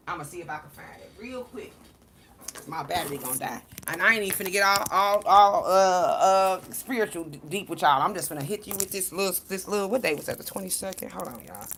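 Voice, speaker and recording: A woman's voice: on the low side, brisk, slight background noise. A woman giving a casual livestream talk as a spiritual reader, blunt and profane, preaching to her viewers. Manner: animated storytelling to viewers.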